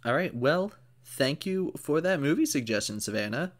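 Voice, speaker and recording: A man's voice: fairly high pitch, animated, normal speed. A man co-hosting a podcast in casual chat, talking in a tired, rambling way with lots of fillers. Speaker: podcast co-host.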